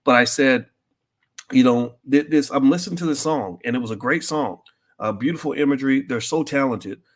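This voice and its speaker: A man hosting a commentary show, talking bluntly and directly to his audience, with many restarts and loud, high-pitched outbursts when worked up. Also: moderate pace. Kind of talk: opinionated commentary to an online audience.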